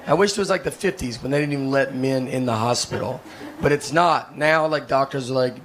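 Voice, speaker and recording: A man from Tennessee, doing self-deprecating stand-up comedy in a deadpan way on a stage. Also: mid-range voice, fairly quick, noisy background. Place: comedy stage with a live audience. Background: audience laughter.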